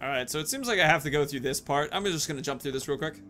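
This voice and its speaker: Man commentating a game, bright tone, fairly high voice, joking, game music behind. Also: racing. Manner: chatty, jokey, laughs often. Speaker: gameplay commentator.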